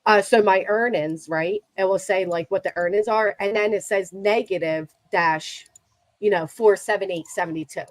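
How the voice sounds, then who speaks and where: A woman's voice: medium pitch, moderate pace, dry recording. A woman YouTuber in a casual guest chat, recorded close and dry. She speaks with easy confidence as she walks through what's on her screen.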